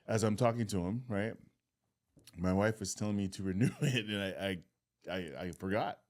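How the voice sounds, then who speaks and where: A man's voice: fairly low pitch, normal speed. A middle-aged man co-hosting a podcast, telling a story in casual chat and often laughing as he talks. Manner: animated, laughs through his stories. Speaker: podcast co-host.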